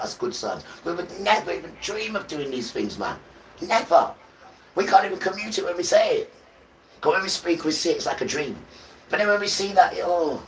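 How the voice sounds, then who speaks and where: A man's voice: mid-range voice, gravelly, a bit bright, distant mic, a little hiss or hum, rough recording. A man livestreaming an impassioned spiritual talk, urging his viewers directly in a preachy, urgent way. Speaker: livestream host.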